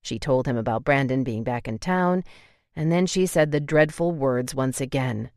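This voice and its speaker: A woman's voice: very deep voice, moderate pace, a little mellow, no echo, studio quality. A woman narrating a romance audiobook in an emotive way, voicing the tearful heroine's lines with feeling.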